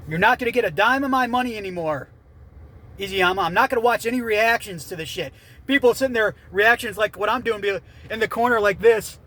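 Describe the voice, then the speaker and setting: A man giving an off-the-cuff, rambling rant about an anime ending, swinging between loud outbursts and quieter muttering. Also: high voice, a little fast. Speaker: anime commentator.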